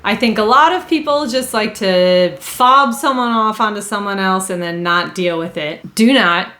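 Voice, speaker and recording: A woman's voice: mid-range voice, moderate pace, sharp tone. A woman training customer service staff, upbeat and emphatic, acting out sample phone greetings. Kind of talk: instructional talk to camera.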